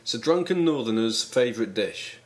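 A man with a mid-range voice plays a quiz contestant. He talks in a dry, skeptical way and picks holes in how the questions are written. His banter is deadpan and unhurried. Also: mid-range voice, slight background noise. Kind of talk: comedy banter.

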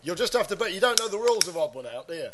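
A man's voice: high voice, very animated, racing, noisy background. A man hosting a casual comedy podcast, rambling and crude, with lots of fillers.

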